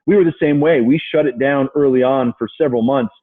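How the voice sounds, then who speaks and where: A man's voice: medium pitch, fast. A male host asking questions in a casual, easygoing and agreeable manner. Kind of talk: casual interview chat. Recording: thin phone-like remote call line.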